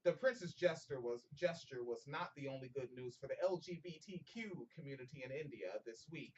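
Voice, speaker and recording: A man's voice: mid-range voice, fairly quick, distant mic, muffled recording, slight background noise. A man hosting a casual comedic podcast, reading a news story aloud with many fillers and stumbles, and joking with profanity. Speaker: podcast host.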